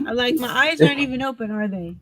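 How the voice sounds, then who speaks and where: A woman's voice: on the high side, animated, fast talker. Woman from Northern California, tipsy, loose giggly chatter. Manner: loose, giggly casual talk. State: tipsy from strong beers. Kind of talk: casual chat.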